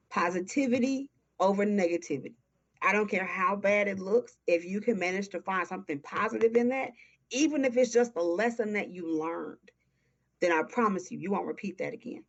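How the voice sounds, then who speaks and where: Southern lady early 40s talking slow and heartfelt, kinda muffled lo-fi audio. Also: mid-range voice. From Texas. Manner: earnest, heartfelt, slow and emphatic. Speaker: guest, nonprofit founder. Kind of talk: interview conversation. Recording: dull lo-fi audio.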